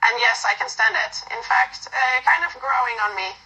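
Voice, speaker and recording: A woman voicing a fond, teasing young woman who gently comforts a friend. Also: fairly high pitch, expressive, normal speed, husky, exaggerated voice, low-quality recording. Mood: gentle, reassuring.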